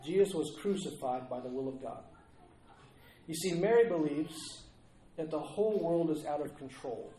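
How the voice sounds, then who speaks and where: An earnest male preacher delivering a sermon, pressing the congregation with repeated rhetorical questions. His voice sits a little high for a man. It rings out in a roomy church hall. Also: lively intonation, normal speed, mellow.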